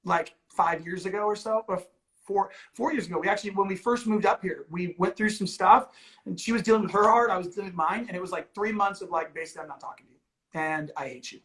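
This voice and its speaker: A man's voice: sits high, fast talker, fairly bright tone, low-quality recording. A man and ministry leader talking candidly and earnestly, with many "like"s and "you know"s. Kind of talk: candid conversational talk.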